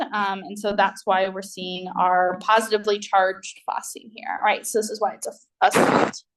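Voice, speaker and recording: A woman with a slightly high voice teaches a university chemistry class. Her style is conversational, sprinkled with fillers and repeated "right?" checks.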